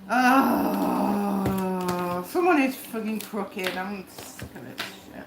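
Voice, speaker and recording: A woman with a mid-range, creaky voice, lively intonation, and drawn-out words reads tarot on a livestream, speaking bluntly and swearing as she rambles to herself. The recording has background noise in an echoey room with faint ambience.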